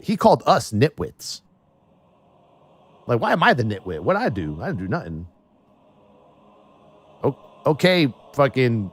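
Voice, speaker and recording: A man's voice: mid-range voice, very animated, unhurried, pauses often. A man streaming live and riffing in a casual, profane and sarcastic way.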